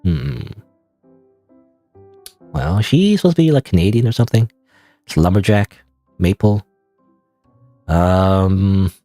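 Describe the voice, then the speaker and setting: A man's voice: low voice, animated, slow pace, long pauses, dark tone, dry recording, faint music behind. A man streaming a game live, giving casual, rambling, self-deprecating commentary full of "you know" and "I don't know.". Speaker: gaming streamer.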